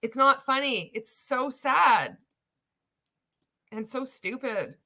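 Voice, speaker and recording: A woman's voice: high voice, animated, takes it slowly, bright, forceful tone. A woman giving sarcastic, swearing reaction commentary on a video. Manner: sarcastic, swearing, bursting into laughter.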